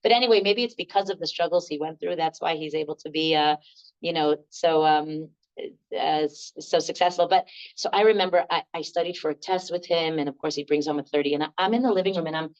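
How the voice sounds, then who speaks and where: An older woman leading a laughter workshop, telling lively stories, laughing often and acting out the voices of the people in them. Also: deep voice, fast talker, dull audio. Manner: animated, laughs often, acts out quoted voices. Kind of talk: storytelling workshop talk.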